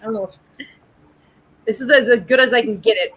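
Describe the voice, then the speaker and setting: High-voiced playful woman hosting a live chat. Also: fairly quick, fairly bright tone, slight background noise, rough recording. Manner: playful, mock-offended, dramatic. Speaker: livestream host.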